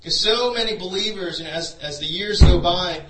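A man's voice: sits high, normal speed, fairly bright tone. A man preaching a sermon through a personal story, in a loose conversational way full of "you know". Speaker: pastor. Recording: echoey room, voice from a distance.

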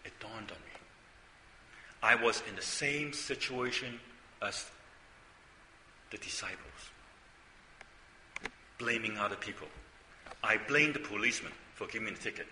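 An older man preaches in a chatty, storytelling way, tossing out rhetorical questions. His voice is bright and sharp, and it rings through a roomy hall with a long reverb. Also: lowish voice, a little slow, long pauses, a little hiss or hum. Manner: conversational storytelling, frequent asides and rhetorical questions. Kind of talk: sermon.

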